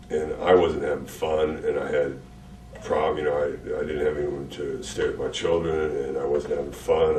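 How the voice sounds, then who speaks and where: Very deep-voiced man, relaxed and rambling. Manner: relaxed, rambling, frequent fillers and repeated words. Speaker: interview guest, retired wrestler. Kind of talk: candid sit-down interview. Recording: roomy echo, distant mic, faint hum.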